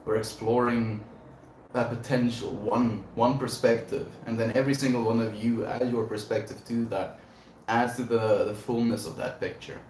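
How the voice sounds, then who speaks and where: Laughing often, this livestream host muses and rambles through a casual chat in a mid-range, darkish voice with fairly even intonation and a moderate pace. The recording has room echo and faint background noise.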